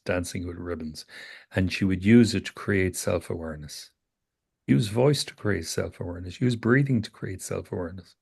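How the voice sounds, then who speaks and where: Male therapist, low voice, calm and probing, repeats his questions. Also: vocal fry, husky. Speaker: psychotherapist. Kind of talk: therapy session conversation.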